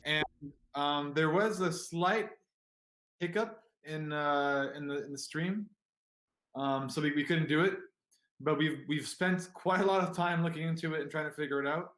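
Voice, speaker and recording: A man's voice: a little high, moderate pace, a bit bright. A man hosting a livestream show in a jokey, hesitant way, with many restarts. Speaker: show host. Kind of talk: casual livestream chat. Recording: echoey room.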